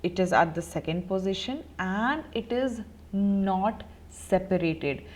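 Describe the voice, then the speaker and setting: A woman's voice: mid-range voice, expressive, slow pace. A woman with an Indian English accent explaining German grammar in an online lesson, with frequent fillers as she explains. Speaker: German language teacher. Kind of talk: online language lesson, mixing Hindi and English.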